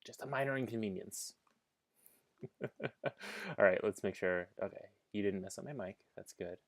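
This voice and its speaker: Deep-voiced male reactor, casual and chatty, dry close sound. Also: unhurried, no room sound. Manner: chatty and easily amused, talks to his dog. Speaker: reaction video host.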